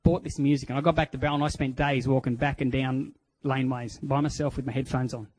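A man with an Australian accent sharing a candid personal testimony in a sermon, telling it in an earnest, halting way. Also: medium pitch, fairly even intonation, darkish tone, no room sound, poor audio.

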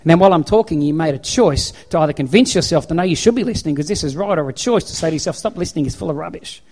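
A man's voice: a little high, lively intonation, racing, darkish tone. A man preaching a sermon into a handheld microphone to an audience, in an emphatic, repetitive exhorting manner. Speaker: pastor.

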